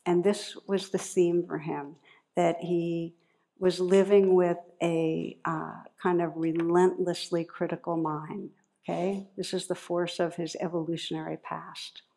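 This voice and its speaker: A woman meditation teacher giving a dharma talk in a gentle, unhurried, reflective way, leading into a guided practice. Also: lowish voice, level tone, creaky.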